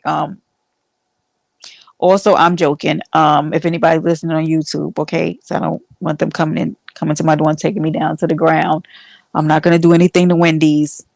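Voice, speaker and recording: A woman's voice: low-pitched, little pitch movement, brisk, gravelly, dry recording. A woman hosting a casual livestream, chatting with viewers and teasing them with playful mock outrage. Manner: rambling with restarts and fillers. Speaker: livestream host.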